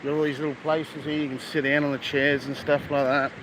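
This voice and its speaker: A man's voice: on the high side, flat delivery, a little fast. A man from Australia with an Australian accent, live-streaming casually as he walks outdoors. He talks bluntly and swears a lot. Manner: blunt, crude, swears heavily. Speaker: travel vlogger. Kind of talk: casual live-stream chat while walking. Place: busy street outdoors, by the beach. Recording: loud street and traffic noise. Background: traffic and street ambience.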